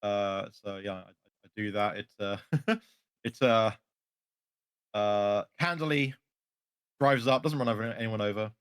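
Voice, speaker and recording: A man's voice: on the low side, measured pace, pauses often, fairly bright tone, clean tone, dry recording, studio quality. A man playing a tabletop game, talking casually and hesitantly as he thinks aloud. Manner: hesitant, full of ums and restarts. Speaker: player. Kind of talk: casual tabletop role-play chat.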